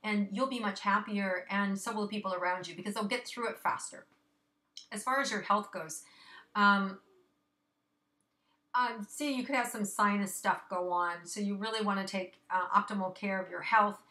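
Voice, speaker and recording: A woman's voice: medium pitch, steady tone, moderate pace, pushed and bright. A woman giving a casual monthly astrology forecast, chatty and reassuring, with many fillers and a slightly breathless voice. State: a little out of breath.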